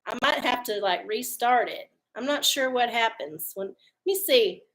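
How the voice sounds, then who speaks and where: A woman's voice: a little high, animated, normal speed, a bit bright. A woman hosting her own livestream, chatting casually and swearing freely. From Texas. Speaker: livestream host. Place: home studio under hot lights.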